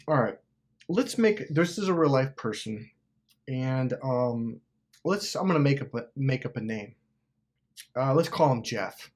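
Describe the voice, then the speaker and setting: A man hosting a self-help video, telling a personal story in a casual, rambling way with swearing and lots of fillers. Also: mid-range voice. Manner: animated, profane, rambling with many fillers.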